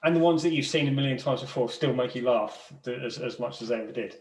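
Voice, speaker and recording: A man's voice: medium pitch, fast, distant mic. Man, podcast co-host, casual chat, enthusiastic, stumbles over starts, roomy sound, a bit off mic. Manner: enthusiastic, repeats words when starting.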